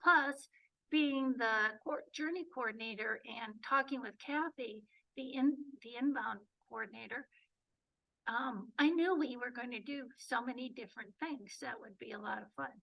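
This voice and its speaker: A woman from the Detroit area giving a chatty club presentation full of fillers, her voice going hoarse, recorded from a distance in a meeting room. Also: a little high, normal speed, lo-fi sound. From Detroit area, Michigan. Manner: chatty, many fillers and restarts. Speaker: presenter and journey coordinator. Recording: voice picked up from a distance.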